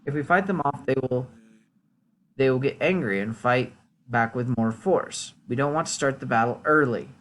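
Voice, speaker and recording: Guy reading a calm careful general, talks things through. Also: medium pitch, normal speed, a little hiss or hum, close to an everyday voice, poor audio. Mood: cautious.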